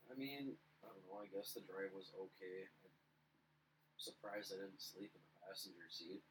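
A young man from Minnesota speaks in a very deep voice and needles his co-host with dry, teasing remarks. A faint layer of noise sits under the recording. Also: fairly even intonation, moderate pace, fairly bright tone, rough recording. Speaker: podcast co-host. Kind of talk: casual chat.

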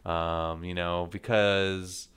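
A man with a very deep voice co-hosting a casual podcast, musing aloud in a rambling, hesitant way full of fillers. His tone is smooth and clear. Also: little pitch movement, extremely slow, a bit bright. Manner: rambling, hesitant, many fillers like "like" and "you know". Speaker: podcast co-host.

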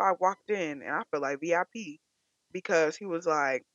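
A young woman from California sharing an emotional, animated personal faith testimony. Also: on the low side, normal speed, dry recording, lo-fi sound. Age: young adult. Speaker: testimony speaker.

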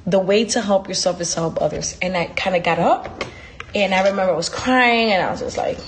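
A woman's voice: mid-range voice, fairly quick, slight background noise. A woman hosting a podcast, giving an emphatic, preachy motivational talk full of repetition, speaking from her desk. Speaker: podcast host.

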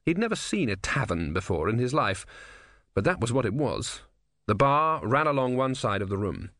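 A man narrating an audiobook in an expressive, wry storytelling manner. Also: medium pitch, normal speed, no room sound, studio quality.

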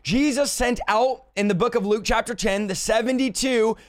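A man hosting a talk show with a strikingly high voice for a man. He talks in a fervent preaching style, hammering out emphatic declarations one after another. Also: normal speed. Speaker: show host.

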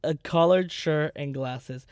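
A man in his twenties hosting a podcast, chatting casually in an animated, dramatic way with plenty of swearing. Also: fairly high pitch, slow, no room sound, clean studio sound. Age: 20s. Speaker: podcast host. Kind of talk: casual chat.

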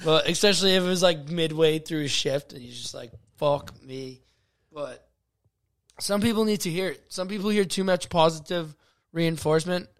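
A man co-hosting a casual podcast, giving blunt, crude opinions and muttering low asides. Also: fairly quick. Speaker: podcast co-host. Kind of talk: casual chat.

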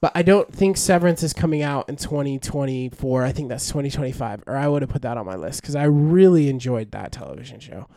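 A man's voice: mid-range voice, mellow, no echo, clean studio sound. A young man co-hosting a podcast, chatting casually and enthusiastically, rambling with fillers and restarts. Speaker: podcast co-host. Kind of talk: casual chat.

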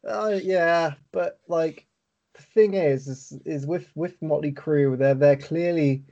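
A man's voice: on the high side, slow pace, creaky, dark tone, muffled recording. A man co-hosting a podcast in casual chat, sweary and rambling, often breaking into laughter. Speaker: podcast co-host.

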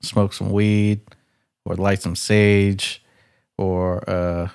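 A man with a low, level, smooth voice hosts a casual podcast in a laid-back way, steering toward the close and signing off. His sound is dry and close. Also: flat delivery, extremely slow, darkish tone, no room sound. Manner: laid-back, wraps up segments. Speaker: podcast host. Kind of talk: casual chat.

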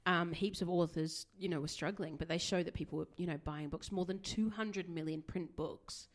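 Brief: low-pitched woman from Australia, chatty and rambling podcast co-host. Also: normal speed. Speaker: podcast co-host, bookshop owner. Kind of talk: casual chat.

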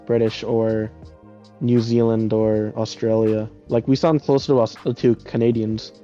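Slangy young man, mellow voice. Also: on the low side, measured pace, soft background music. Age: young adult. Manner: slangy, swears freely, excitable. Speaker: podcast co-host. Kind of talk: casual chat. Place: home, on a voice call. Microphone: computer mic over a voice call. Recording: dull lo-fi call audio.

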